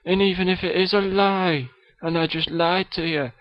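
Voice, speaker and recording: Man's impression of a cheeky, boisterous older Scottish comic; bright-pitched, put-on accent, dry dull sound. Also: steady tone, normal speed, dry recording, close to an everyday voice. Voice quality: loud, boisterous, rambling. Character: brash older Scottish male comedian, cheeky. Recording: dull lo-fi recording.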